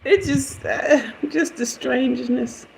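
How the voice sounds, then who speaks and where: A woman's voice: high-pitched, slow pace, vocal fry, a little hiss or hum, low-quality recording. A woman doing a live tarot reading, chatty and hyper, laughing often and talking to her viewers. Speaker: tarot reader.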